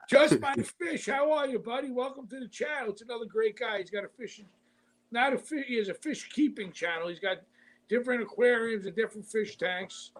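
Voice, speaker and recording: A man's voice: very high-pitched, a little fast, fairly bright tone, rough recording. A man hosting a livestream, from Brooklyn, chatting easily and greeting viewers by name. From Brooklyn, New York. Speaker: livestream host. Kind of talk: casual chat, greeting viewers.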